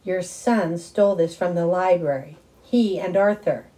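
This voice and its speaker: A woman's voice: lowish voice, measured pace, dark tone, lightly acted, low-quality recording. A woman voicing an angry, strict mother who scolds her son in a cold, clipped way. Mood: stern, cold.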